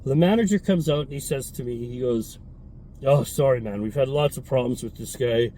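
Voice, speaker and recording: A gym owner tells a story in a relaxed, mellow voice, swearing freely and getting heated as he acts out both sides of an argument. Faint street and car noise sits behind him. The delivery is loose and conversational. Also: mid-range voice, normal speed, low-quality recording. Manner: profane, animated, heated retelling. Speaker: fitness studio owner. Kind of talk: casual storytelling.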